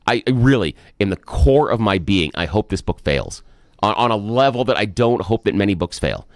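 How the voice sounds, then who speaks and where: Lower-voiced man ranting on talk radio. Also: expressive, moderate pace, no room sound, clean studio sound. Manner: emphatic, exasperated ranting. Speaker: radio talk show co-host. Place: radio studio.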